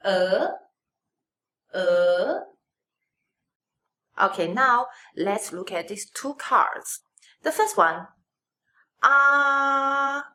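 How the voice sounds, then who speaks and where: A woman teaching Mandarin pronunciation online, demonstrating tones slowly with exaggerated contours. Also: medium pitch, sharp tone. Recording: echoey room, mic at a distance.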